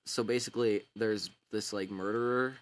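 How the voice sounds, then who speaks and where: A man's voice: fairly low pitch, fairly even intonation, moderate pace. A man casually retelling a book's story in a rambling, slangy way, full of filler words. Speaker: book summarizer.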